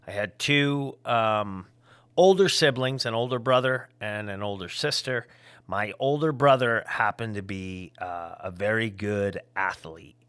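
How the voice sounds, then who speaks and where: A middle-aged man, a former pro wrestler, talking casually to his viewers in a loose, rambling, jokey way that swings into loud yelling. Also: lowish voice, unhurried, smooth, no echo. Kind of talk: casual vlog talk to viewers.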